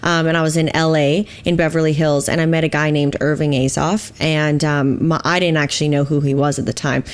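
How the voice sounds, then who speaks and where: A young woman from Alberta, Canada, talks as a guest in a relaxed interview. Her voice sits low for a woman, and she fills her talk with um and like. She laughs easily between thoughts. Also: brisk, clear, resonant tone. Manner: chatty, laughs often, says um and like. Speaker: guest, musician and business owner. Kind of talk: casual interview chat.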